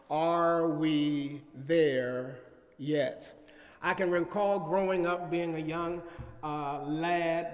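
A man, a pastor, preaching a sermon with a measured prayerful manner that builds into a rising preaching cadence. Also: a little high, big-room sound. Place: church sanctuary.

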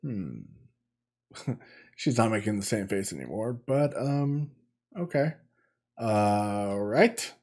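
A man's voice: on the low side, very animated, takes it slowly, pauses often, a little mellow. A man casually commenting as he plays through a game, thinking aloud and reading the on-screen text with stumbles and restarts. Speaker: gaming video host. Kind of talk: casual let's-play commentary.

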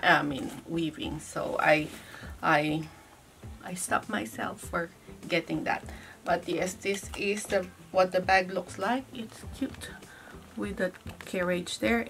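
A woman's voice: lowish voice, gravelly, far from the mic. A woman from the Philippines with a Filipino accent, chatting casually through a handbag unboxing, musing aloud as she goes. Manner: chatty, restarts and muses aloud.

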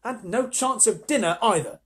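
Man doing a sulky younger boy, whiny, pitched up; storybook. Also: normal speed, a bit bright. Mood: grumbling.

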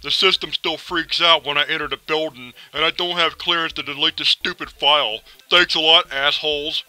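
A man's voice: fairly high pitch, fairly even intonation, moderate pace, sharp tone, dry recording, poor audio. A man voicing an indignant, balding male cleanup worker in his thirties who whines about being pranked. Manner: whiny, indignant complaining.

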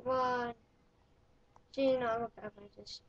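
A woman giving casual gameplay commentary, excitable and playful, often yelling when in danger. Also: on the high side, moderate pace, vocal fry. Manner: playful, swaps swearing for mild words. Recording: dull lo-fi recording with faint noise.

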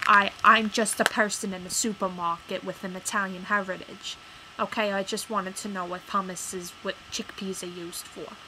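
A woman's voice: medium pitch, little pitch movement, normal speed, hardly any pauses, noisy background, lightly acted. A woman playing a touchy, rambling mother who is proud of her Italian heritage, with lots of fillers and defensive outbursts in a comic character monologue. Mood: indignant. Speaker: character vlogger.

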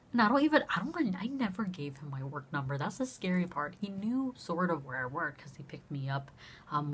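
A young woman vlogger casually tells a story, swearing freely and animatedly acting out both sides of a conversation. Her voice is fairly low-pitched and slightly rough.

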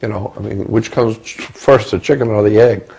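A man's voice: fairly low pitch, steady tone, moderate pace, vocal fry, a little mellow, husky, rough recording. A man, an interview guest, recounting personal experiences in a rambling way and often repeating words as he goes.

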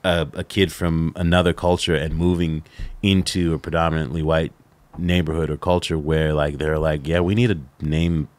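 A middle-aged man, a podcast guest, telling stories in a casual interview, animated and laughing, with lots of "like" fillers. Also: extremely low pitch, moderate pace.

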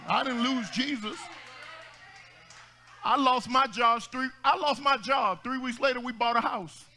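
A pastor preaching to his congregation in a very high, ringing voice. He talks to the room in call-and-response style, builds into shouts, and drops in jokes, with a bright, forceful edge. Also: measured pace, soft background music. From United States. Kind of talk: energetic Black church sermon. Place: church sanctuary with congregation.

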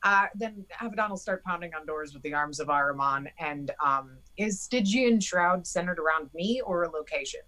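A woman player explains what her character will do, pausing and restarting as she thinks. Her voice is low for a woman but bright and forward. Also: animated, low-quality recording. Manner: hesitant, halting with fillers. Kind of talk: describing her character's actions.

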